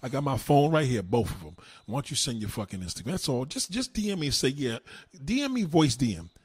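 A man ranting on a livestream, answering his chat in a loud, combative, mocking way. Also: medium pitch, very animated, fast, breathy edge, dry recording. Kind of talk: live-stream rant.

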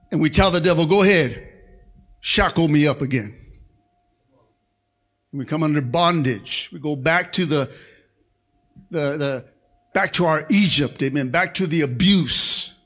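Before a church congregation, a male pastor preaches a fervent, rousing sermon full of call-and-response, frequently calling out "amen" and "come on" and punctuating it with shouted amens. His voice is on the high side and his pace moderate.

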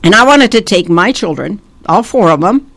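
An older woman from Italy reminisces about family trips in a loose, chatty way, starting a thought and circling back to it. Her voice sits at a middle pitch. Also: animated, normal speed, gravelly, a bit bright. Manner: rambling, self-interrupting storyteller. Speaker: guest, host's mother. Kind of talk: casual family storytelling.

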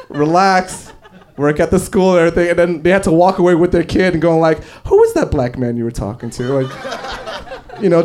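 A man's voice: high voice, a little mellow. A young man doing a stand-up comedy set, telling stories with lots of fillers and laughing along. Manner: storytelling, with frequent fillers and laughs. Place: comedy club stage.

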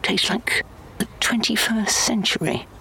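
A woman's voice: mid-range voice, a little slow, gravelly, a little hiss or hum. Woman voicing a rambling South London alien man. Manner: stammering, rambles on, then turns soft and soothing. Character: thin rambling alien man, restless and evasive.

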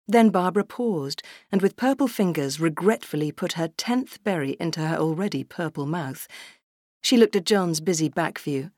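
A woman narrating a children's storybook aloud in a lively, expressive way. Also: lowish voice, moderate pace, no echo, studio quality. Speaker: audiobook reader.

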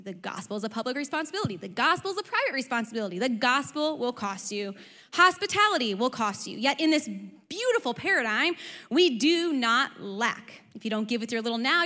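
A young adult woman pastor preaching a sermon, conversational and animated, with frequent rhetorical questions. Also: a little high. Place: church auditorium. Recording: long reverb of a large hall.

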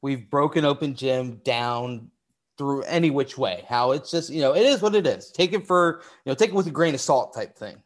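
A man's voice: mid-range voice, normal speed. A man hosting a casual sports podcast, asking long rambling questions and repeating phrases as he works them out. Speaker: podcast host.

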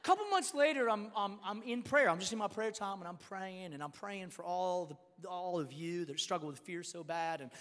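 High, bright-voiced preacher in a reverberant hall. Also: male voice, moderate pace, hardly any pauses. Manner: animated and emphatic, repeats words, rises to shouts. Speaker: pastor. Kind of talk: storytelling sermon.

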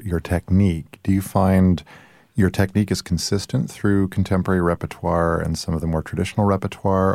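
A man interviewing a singer, asking measured and slightly halting questions. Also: low-pitched, darkish tone, dry recording.

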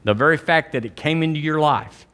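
A man with a Southern American accent, a pastor preaching a charismatic sermon and prayer, with emphatic delivery and sudden loud high rises. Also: a little fast. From Alabama, US. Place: church sanctuary.

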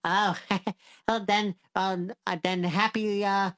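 A woman's voice: medium pitch, level tone, slow, a bit bright, no echo. A woman chatting with a storyteller, asking questions and interrupting playfully.

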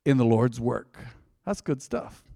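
This pastor's voice sits at medium pitch, animated and warm with some vocal fry, moving at a measured pace. He delivers his sermon in a church sanctuary conversationally, cracking jokes and inviting the congregation to respond. The audio has studio quality and no echo, yet carries the sense of a large hall.

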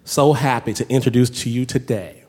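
A man's voice: mid-range voice, fairly quick, a little mellow. A man hosting a live show, introducing a guest with an emphatic, rhythmic build-up, recorded on stage with hall reverb. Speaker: host.

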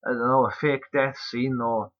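Over muffled, lo-fi podcast audio, the young male host chats casually in a mid-range voice with fairly even intonation at a normal speed. He rambles loosely and swears in passing.

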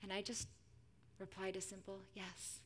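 A woman in her thirties preaching a sermon, dramatic, dropping to a hushed near-whisper for emphasis. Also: mid-range voice, normal speed, slight background noise.

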